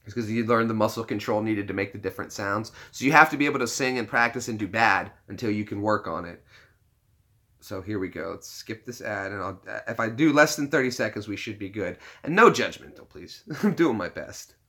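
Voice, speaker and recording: A man rambles through a casual live-stream chat, his voice bright and forward. He circles through fillers and restarts, teasing himself and laughing often as he talks to his viewers. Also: fairly low pitch, a little fast. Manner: joking, self-deprecating, laughs often.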